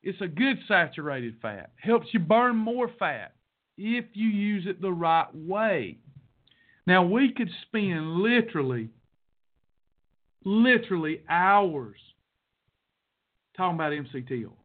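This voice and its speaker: A man's voice: high-pitched, animated, takes it slowly, pauses often. A man hosting a podcast, coaching listeners on a diet program in a fervent, repetitive, sermon-like way. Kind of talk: preachy motivational monologue. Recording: tinny phone-like sound.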